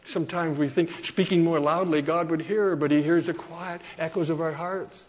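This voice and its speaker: High-voiced preacher delivering a sermon. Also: male voice, steady tone. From Canada. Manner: earnest, repeats phrases for emphasis, quotes scripture slowly.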